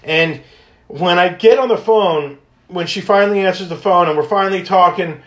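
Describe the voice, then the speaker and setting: A man hosting a podcast, telling stories in a casual, high-energy way, laughing often and acting out phone calls. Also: moderate pace, a bit bright. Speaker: podcast host and wish granter. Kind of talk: casual storytelling monologue. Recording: echoey room.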